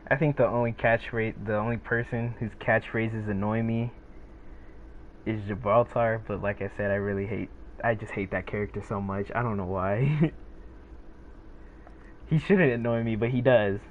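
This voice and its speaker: A teenage boy streaming games chats casually with viewers in a rambling, laid-back manner, full of fillers and restarts. His voice is on the low side, with fairly even intonation and a moderate pace. The sound is tinny and phone-like, with faint noise.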